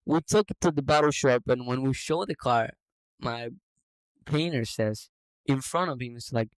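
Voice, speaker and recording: A man who owns a business, telling a story in a lively, casual way on a podcast. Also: mid-range voice, moderate pace, clean tone, dry recording, rough recording. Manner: animated anecdote telling. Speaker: business owner.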